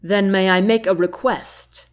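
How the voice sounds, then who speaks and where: A woman voicing a quiet, gruff male bodyguard in a storybook reading, terse and measured. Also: mid-range voice, fairly even intonation, close to an everyday voice.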